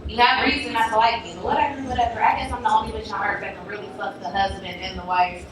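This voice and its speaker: A woman's voice: medium pitch, fairly even intonation, quick pace, heavy reverb, distant mic, a crowd in the background, low-quality recording. A woman telling a story in a casual storytime chat, blunt and profane, often breaking into laughter.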